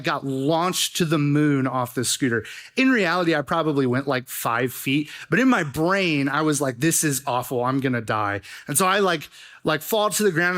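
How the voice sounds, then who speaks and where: A young man preaching a youth sermon, telling stories in a joking, animated way with lots of fillers. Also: a little high. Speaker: youth pastor. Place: church youth service.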